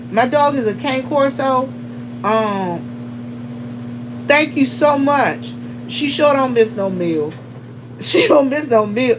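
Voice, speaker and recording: A woman's voice: on the high side, noisy background. Chatty woman greeting viewers. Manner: chatty, talks straight to viewers and greets them by name. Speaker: livestream host. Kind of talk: casual livestream chat with viewers.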